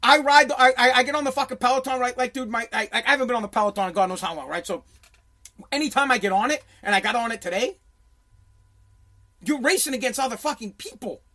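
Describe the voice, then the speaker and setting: A man's voice: extremely high pitch, fast, pushed and bright. A man telling a story in a profane, intense rant, often restarting his sentences. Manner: intense, swearing, many restarts.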